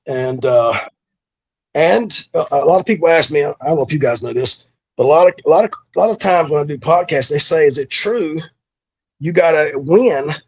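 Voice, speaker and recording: A man's voice: a little high, vocal fry, breathy edge. A middle-aged man, a former pro wrestler, telling stories from his career in a laid-back, profane way, with lots of fillers. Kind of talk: casual storytelling interview.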